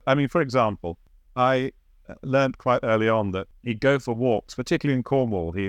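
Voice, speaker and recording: In an interview about the biography he wrote, a man answers reflectively, sometimes searching for the right word. His voice is on the low side, captured in a dry, studio-quality recording.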